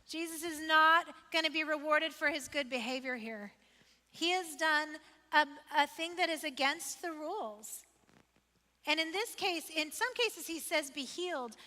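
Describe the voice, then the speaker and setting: Woman pastor, sermon, very high voice, emphatic and conversational, reverberant hall. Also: bright, forceful tone. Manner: emphatic, repeats phrases for effect; conversational, asks the listeners questions. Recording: long reverb of a large hall.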